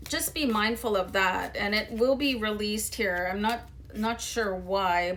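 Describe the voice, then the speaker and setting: A woman's voice: mid-range voice, a bit bright, slight background noise. Woman, mid-range voice, easygoing tarot reader talking straight to viewers, loose and chatty. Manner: chatty, loose, lots of "you know" and "um". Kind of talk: casual tarot reading to viewers.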